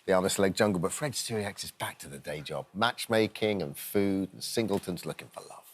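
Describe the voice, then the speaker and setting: A man's voice: low-pitched, expressive, a little fast, slightly rough. A man presenting a morning TV show, reading links and quips in a wry, playful way.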